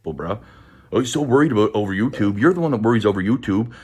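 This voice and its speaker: A man's voice: lowish voice, animated, fast talker, darkish tone, husky. A man ranting angrily in a clip, hurling profane accusations at rivals. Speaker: rival streamer in a played clip. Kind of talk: angry rant.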